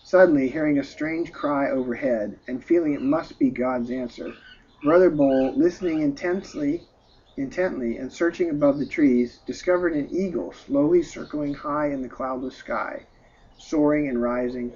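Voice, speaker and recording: A man's voice: a little high, animated, moderate pace, a little mellow, husky. A man narrating a story in an emotive, sighing storytelling manner. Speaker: story reader. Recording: dull lo-fi recording.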